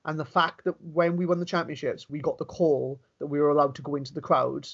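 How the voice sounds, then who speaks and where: A Welsh man, a professional wrestler, telling stories in a casual interview, animated and quick with many restarts. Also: fairly high pitch, gravelly, dull audio. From Wales.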